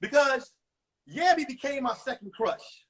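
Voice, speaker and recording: A man in his forties, a comedian telling crude, animated stories about his school days on a phone livestream. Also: very high-pitched, measured pace, husky. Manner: animated, profane storytelling with acted-out voices. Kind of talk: stand-up storytelling on a livestream.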